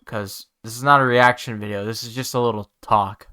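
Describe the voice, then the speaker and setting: A man talking to his viewers while holding back tears, halting and restarting his words, sighing often. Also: medium pitch, fairly even intonation, bright, forceful tone, clear, resonant tone. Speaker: YouTuber. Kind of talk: emotional talk to camera.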